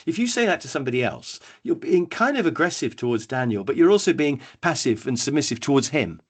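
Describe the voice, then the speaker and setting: A middle-aged man giving a webinar training talk, telling stories in a lively way and acting out the people in them. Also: medium pitch, fast. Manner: lively storytelling, acts out quoted people. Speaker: workshop trainer.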